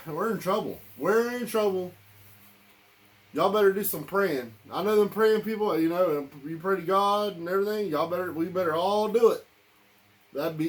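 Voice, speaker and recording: A man giving an angry, blunt and profane political rant to camera as a vlogger, repeating himself as he goes. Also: high voice. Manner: heated, repetitive, blunt and profane.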